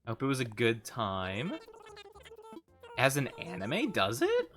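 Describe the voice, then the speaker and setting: A man's voice: mid-range voice, huge pitch swings, a little slow, a bit bright, soft background music. A young man streaming a game and chatting casually with viewers, upbeat and chatty. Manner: upbeat, chatty, greets viewers, often laughs. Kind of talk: casual live-stream chat.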